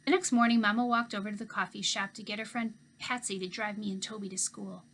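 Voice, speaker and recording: A woman teacher reading a children's novel aloud in expressive first-person storytelling. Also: medium pitch, quick pace, slight background noise.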